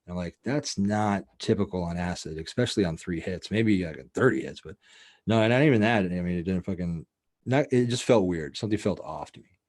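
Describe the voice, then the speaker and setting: This is a show host, a man with a low-pitched, slightly mellow voice and a brisk delivery. He tells a casual story in a loose, meandering way, swearing and using plenty of filler words.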